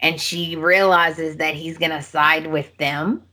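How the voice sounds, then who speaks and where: A woman hosting a podcast, telling a story in casual chat, animated and acting out the quotes. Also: low voice, slow. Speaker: podcast host.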